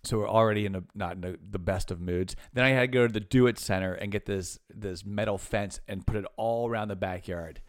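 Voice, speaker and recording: A man in his forties tells his side of a family story with wry asides, in a voice that sits a little low. He acts out the people he quotes with gusto. The recording is close and dry. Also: steady tone, a little fast, few pauses, no echo. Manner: wry interjections, acts out his daughter's pleading. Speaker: father joining the story. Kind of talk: casual chat.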